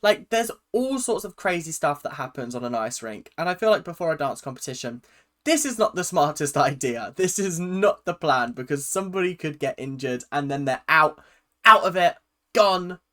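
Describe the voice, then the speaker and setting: Young woman ranting through a reaction vid, lively up-and-down voice, chatty and opinionated. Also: deep voice, normal speed. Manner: chatty and opinionated, with frequent laughs. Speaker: reaction video host. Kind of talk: casual reaction commentary.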